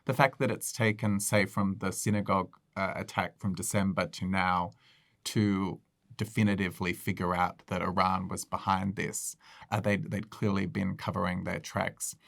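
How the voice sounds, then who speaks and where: A man with an Australian accent explains the news as a guest journalist, measured and peppered with uhs. His voice is lowish and gravelly with fry. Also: level tone, fairly bright tone, dry recording, studio quality. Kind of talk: conversational news discussion.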